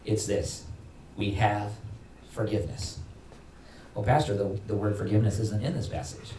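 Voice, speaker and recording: A man preaching a sermon as pastor, emphatic, climbing in pitch and loudness to stress his points and acting out quoted voices. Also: moderate pace. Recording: echoey hall from far off, faint noise.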